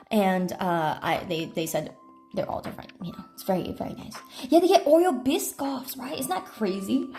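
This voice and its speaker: A woman's voice: mid-range voice, mellow. A young American woman from California chatting casually on a phone livestream while tasting snacks, with offhand swearing. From California, USA. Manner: chatty, talks to chat between bites, swears casually.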